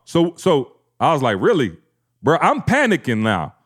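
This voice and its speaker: Animated slangy man telling a story. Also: on the high side, normal speed. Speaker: podcast co-host. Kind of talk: casual storytelling.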